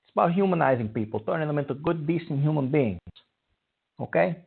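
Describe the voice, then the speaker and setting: A man's voice: on the high side, expressive, vocal fry, slightly rough. Rambling man on a tinny call-in show. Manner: rambling, halting restarts. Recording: tinny phone-line sound.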